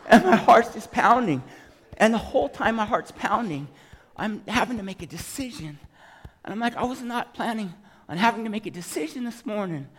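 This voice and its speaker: A man giving an emotional, animated testimony as a sermon, telling his story to a congregation. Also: sits high, normal speed, slightly rough, long reverb tail.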